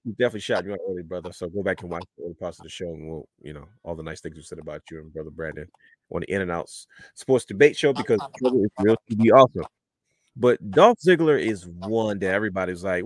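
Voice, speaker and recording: A man's voice: low-pitched, lively intonation, fast talker, dry recording, clean studio sound. A man hosting a podcast in a casual, rambling chat, calling listeners brother. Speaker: podcast host.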